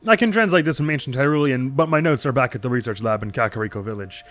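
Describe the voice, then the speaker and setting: A man's voice: mid-range voice, quick pace, fairly bright tone, close to an everyday voice. Man reading as an eager young woman researcher. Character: eager young female researcher, brisk and scholarly.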